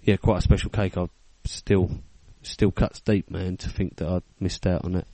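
A lowish British man in his thirties spinning a crude anecdote, full of swearing and laughter. He slips into the voices of the people in the tale. The sound is close and dry. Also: level tone, normal speed, warm tone, dry recording. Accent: British English. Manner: swearing, laughing storyteller, acts out quotes. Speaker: podcast co-host. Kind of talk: casual chat, storytelling.

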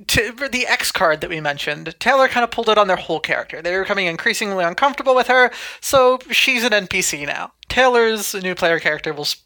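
A woman's voice: medium pitch, expressive, quick pace, few pauses, pushed and bright. A woman running a tabletop role-playing game as game master, narrating the scene and explaining the rules in an easygoing way. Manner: easygoing, laughs often, explains rules plainly.

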